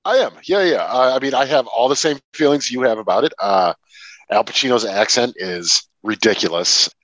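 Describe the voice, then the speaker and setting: A man's voice: mid-range voice, no echo, low-quality recording. A young man co-hosting a film podcast, chatting casually and often restarting his sentences. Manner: lively, restarts often, drawn-out emphasis. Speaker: podcast co-host.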